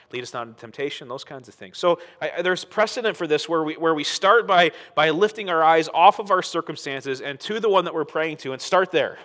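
A man preaching a sermon in a conversational teaching style, often checking in with the listeners and swinging between loud, excited bursts and quiet asides. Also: a little high, long reverb tail. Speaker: pastor.

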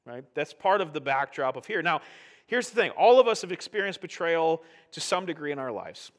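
A middle-aged male pastor giving a conversational sermon, animated and often checking in with "right?". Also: a little high, fairly quick.

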